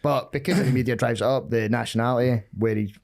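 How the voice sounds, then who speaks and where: A man's voice: mid-range voice, quick pace, creaky, a little mellow. A Scottish man, a comedian guest, joking and swearing in casual podcast chat and calling everyone mate.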